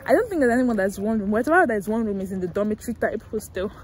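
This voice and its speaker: A young woman talks fast and chatty to viewers through a handheld phone while vlogging a walking tour of a university campus outdoors, often poking fun at herself. Her voice is medium in pitch with a lively, bouncing intonation, and there's a slight hiss or hum in the recording. It's a casual walking vlog.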